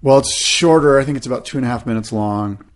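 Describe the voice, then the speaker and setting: A man's voice: medium pitch, quick pace. Laid-back surfer guy. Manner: laid-back, rambling storyteller with many "like" fillers. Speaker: podcast co-host. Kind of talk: casual surf chat.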